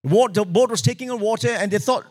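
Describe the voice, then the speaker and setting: High-voiced preacher man. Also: quick pace. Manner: animated storytelling, acting out quoted voices, sudden pitch jumps; asks the congregation for responses. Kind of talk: sermon.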